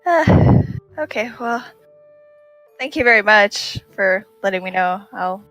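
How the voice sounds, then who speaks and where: A woman's voice: mid-range voice, animated, slow pace, fairly bright tone, soft background music. A woman player voicing her bard in a tabletop game, polite and hesitant with fillers.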